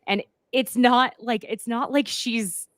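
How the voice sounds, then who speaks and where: A woman's voice: fairly high pitch, steady tone, takes it slowly, a bit bright, no room sound. Chatty woman, sarcastic and dry-sounding. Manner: chatty, laughs often, sarcastic asides. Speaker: podcast host. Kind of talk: casual chat recapping a reality show.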